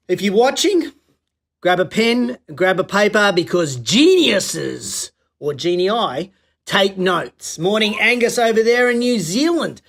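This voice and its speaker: A man's voice: sits high, a bit bright. Upbeat Australian man hosting live. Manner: upbeat, chatty, coach-like delivery with folksy slang. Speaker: host of a weekly live business show. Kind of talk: live-streamed solo talk greeting viewers.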